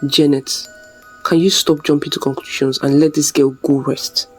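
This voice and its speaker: A storyteller voicing a calm young father who speaks softly and reassuringly. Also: mid-range voice, slightly rough, soft background music, natural voice. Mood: firm. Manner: soft, reassuring, measured.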